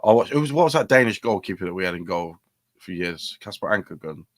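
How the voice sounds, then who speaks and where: Lad hosting a footy chat, low voice, rattles along, dry close sound. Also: male voice, lively intonation, fast talker, a bit bright, no echo. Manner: chatty, matey banter. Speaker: podcast host. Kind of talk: casual football chat.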